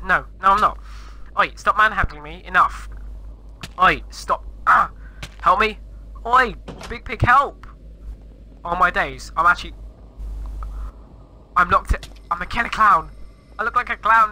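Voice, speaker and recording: A man's voice: high-pitched, moderate pace, bright, forceful tone, rough recording. A man commenting on Minecraft gameplay in a flustered, exclaiming and rambling way. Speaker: gamer.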